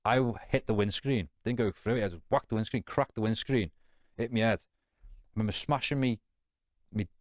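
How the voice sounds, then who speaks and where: A podcast guest tells a candid personal story in informal British slang, blunt and swearing, rambling and restarting with lots of fillers and repeated "you know what I mean." His voice is lowish at normal speed, in a dry, studio-quality recording.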